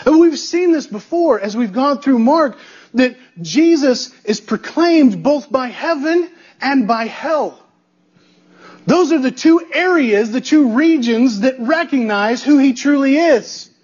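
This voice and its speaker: A man's voice: very high-pitched, expressive, slow pace, darkish tone, breathy edge, lo-fi sound. A man preaching a sermon as a pastor. He is emphatic, repeats key phrases and asks the listeners rhetorical questions.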